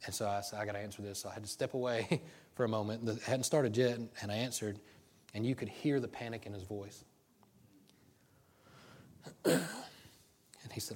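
A man, a pastor telling a personal story from the pulpit in an animated, self-deprecating way. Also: on the low side, moderate pace, pauses often. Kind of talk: sermon storytelling.

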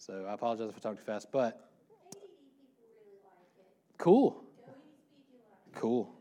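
A middle-aged pastor preaching a casual sermon, talking quickly with joking asides about himself. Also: male voice, fairly low pitch, level tone, mellow. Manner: fast-talking, self-deprecating, joking asides.

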